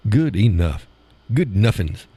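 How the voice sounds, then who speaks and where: A man hosting a live stream and chatting loosely as he reads out viewers' comments. His voice sits low with a dark, mellow color and a husky grain. He rambles and chuckles often. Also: very animated, slow. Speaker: live show host. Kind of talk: casual chat reading audience chat.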